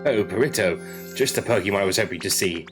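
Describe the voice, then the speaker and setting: A polite town leader makes slow, courteous requests, as a man who is a little unwell reads him out. His voice sits low in pitch. Game music runs underneath. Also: lightly acted. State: under the weather.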